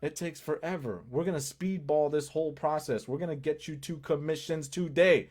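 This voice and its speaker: A man hosting a live stream, greeting viewers by name and pitching to them in a hyped, direct way, with sudden drops into low asides. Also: normal speed, hardly any pauses. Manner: energetic, talks straight to viewers, greets chat by name; swings between loud hype and low asides. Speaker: livestream host.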